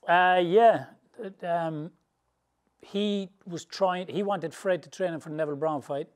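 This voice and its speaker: A man's voice: sits high, a little slow. A man from England, a boxing trainer, telling loose, colloquial stories in an interview and often laughing through them. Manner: animated storyteller, laughs through anecdotes; loose, colloquial, rambling phrasing. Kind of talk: storytelling interview answers.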